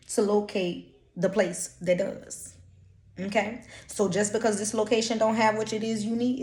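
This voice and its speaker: A blunt, profane Louisiana woman talks in streetwise slang while giving a casual channeled energy reading as an intuitive reader. Her voice is mid-range with a dark tone, and the recording has a roomy echo.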